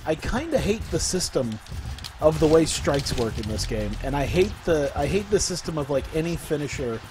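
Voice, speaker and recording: A man's voice: a little high, very animated, moderate pace, noisy background. Profane, exasperated male game streamer. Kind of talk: live gameplay commentary.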